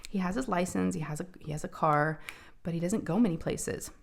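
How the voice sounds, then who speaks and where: A woman's voice: fairly low pitch, brisk, vocal fry. A woman, telling a casual story to viewers while she works on a craft, full of fillers and asides. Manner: chatty, addresses viewers as y'all, many fillers. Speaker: crafting vlogger.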